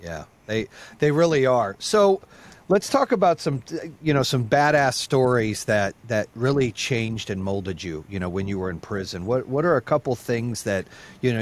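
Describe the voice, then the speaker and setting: A man hosting a casual interview, relaxed and encouraging, with some casual swearing. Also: on the low side. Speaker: podcast host.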